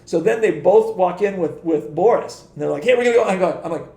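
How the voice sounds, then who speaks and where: A middle-aged man with a gravelly, fairly high voice spins rambling stories as a podcast guest. He acts out what people said, trips over restarts and swears freely. The sound is dark and mellow, caught in an echoey room. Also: brisk. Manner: rambling anecdotes, acts out quoted dialogue, frequent restarts, swears. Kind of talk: casual interview storytelling.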